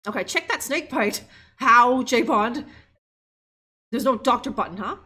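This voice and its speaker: A woman's voice: fairly high pitch, expressive, measured pace, bright, forceful tone, husky. A woman streamer chatting casually and laughing as she plays a game live and talks to her viewers. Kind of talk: live gameplay commentary.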